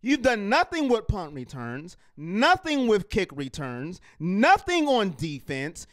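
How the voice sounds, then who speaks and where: A man's voice: high voice, huge pitch swings, slow pace, few pauses, fairly bright tone. A man hosting a live sports fan show, ranting heatedly and reading viewer comments. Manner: fired up, emphatic, repeats lines for effect.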